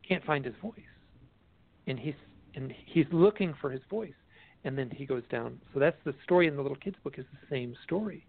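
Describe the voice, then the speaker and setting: A man, an author and guest expert, telling a story in an animated, rambling way with many restarts. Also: fairly high pitch, gravelly, dry recording. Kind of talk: storytelling interview chat. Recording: tinny phone line.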